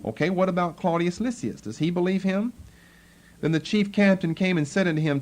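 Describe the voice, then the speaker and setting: A man's voice: sits high, a little fast. A man teaching a Bible lesson, explaining the text and acting out the tone of the people he quotes. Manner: explanatory, acts out the tone of quoted speakers.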